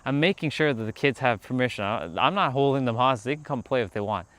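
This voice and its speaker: A man hosting a casual outdoor livestream, talking in a rambling, animated way and calling out to people passing by. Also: medium pitch, quick pace, no echo. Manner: rambling, animated, calls out to passersby. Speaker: livestream host. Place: outdoors near a park.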